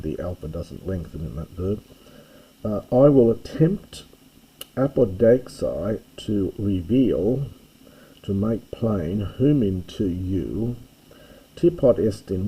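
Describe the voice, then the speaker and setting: An older man teaching a classics lesson, reading an ancient text line by line and explaining each word slowly and carefully. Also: low-pitched, warm tone, breathy edge, poor audio.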